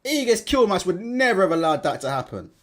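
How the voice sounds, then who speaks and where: A man's voice: sits high, big pitch swings, brisk. Sweary, laughing man on a live stream. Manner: blunt, sweary and laughing, reading chat aloud. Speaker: livestream host. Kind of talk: casual live-stream commentary.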